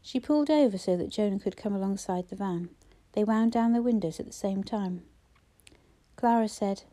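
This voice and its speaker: A woman reads a novel aloud in a steady storytelling voice, moving between the characters. Her tone is warm and mellow, never bright. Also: mid-range voice, moderate pace. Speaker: audiobook narrator. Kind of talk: scripted narration.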